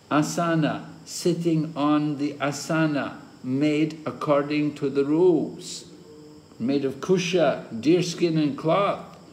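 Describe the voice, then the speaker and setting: Male spiritual teacher, scripture lecture, slow measured delivery, roomy echoey recording. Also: medium pitch, darkish tone. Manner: slow, deliberate explaining with occasional chuckles. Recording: roomy echo with faint ambient noise.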